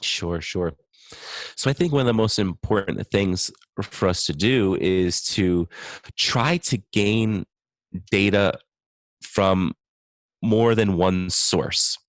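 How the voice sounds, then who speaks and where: A man's voice: low-pitched, slow, no room sound. A man speaking as a guest on a podcast interview, an enthusiastic speech-language pathologist thinking aloud.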